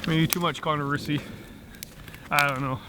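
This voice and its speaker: Chuckling high-voiced man in the woods. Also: fairly even intonation, normal speed, noisy background. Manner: chatty, chuckles often, rambling asides. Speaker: outdoor vlogger. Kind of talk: casual chat while camp cooking. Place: outdoors in the woods.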